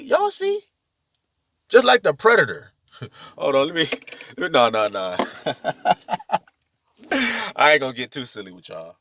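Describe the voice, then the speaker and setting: A man delivering a heated, profane spiritual rant, preachy and confrontational, with sudden loud outbursts. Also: high voice, no echo. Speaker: religious video commentator.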